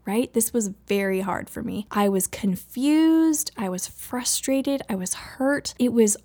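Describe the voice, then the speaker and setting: A woman's voice: on the high side, lively intonation, a little slow, mellow. Woman, 30s, personal faith testimony; earnest, emotional, close to tears, chatty and laughing between lines. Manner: earnest and emotional, laughs often, says "like" and "you know". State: near tears. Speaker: speaker sharing a faith story.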